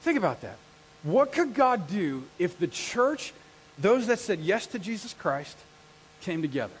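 Animated high-voiced male pastor preaching. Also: a little slow, a little hiss or hum. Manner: animated storyteller, acts out sounds and voices. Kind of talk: sermon. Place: church sanctuary. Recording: long hall reverb.

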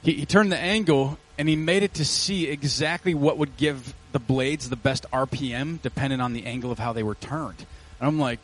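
A male pastor, preaching a casual, animated sermon with slang asides into a mic in a church. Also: medium pitch, a little fast, rough recording. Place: church sanctuary. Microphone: handheld or headset mic.

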